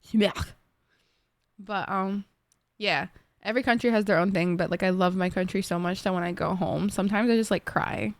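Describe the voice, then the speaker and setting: Young woman streamer, Egyptian accent, animated casual chatter, dry close mic. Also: medium pitch, normal speed, dry recording. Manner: chatty, animated, laughs easily, bursts into song. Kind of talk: casual chat with viewers.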